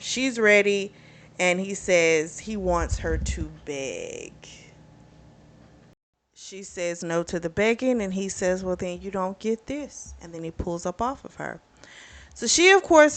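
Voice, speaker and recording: A woman casually retelling a novel's plot as a book reviewer, quoting the characters in her own voice and adding blunt reactions of her own. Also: fairly low pitch. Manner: chatty, conversational retelling with frequent fillers.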